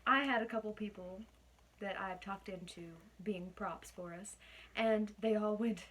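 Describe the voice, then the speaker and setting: A woman's voice: mid-range voice, normal speed. A young adult woman casually telling a story as a guest, chatty and often laughing.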